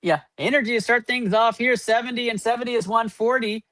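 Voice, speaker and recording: An extremely high-pitched, sharp-toned man hosts a live card-opening stream, speaking fairly quickly. He rattles off running point totals and cheerfully hypes up each pull, recorded dry.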